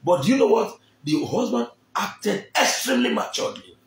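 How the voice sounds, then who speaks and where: A Nigerian man recounts a personal story with real drama, jumping across a wide, high-pitched range. His voice has a gravelly edge. The room around him is echoey. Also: animated, normal speed. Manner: dramatic, acts out the people he quotes.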